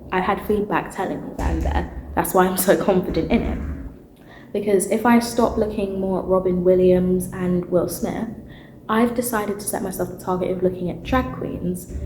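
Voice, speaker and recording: A young woman, a drama student, chats animatedly in a casual vlog, full of asides and laughs. Her voice is lowish, and the low-quality recording is reverberant with slight background noise.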